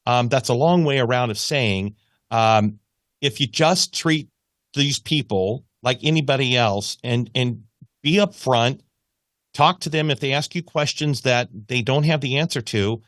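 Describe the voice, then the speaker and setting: A man's voice: medium pitch, unhurried, no room sound. Man telling a story in a dry close sound. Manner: animated, acts out quoted voices. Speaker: news reporter, guest. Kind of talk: conversational storytelling.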